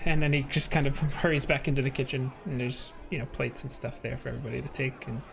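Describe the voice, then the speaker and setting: A man's voice: mid-range voice, level tone, fast, creaky, few pauses, a bit bright. A man narrating a tabletop game as game master, rambling with many fillers.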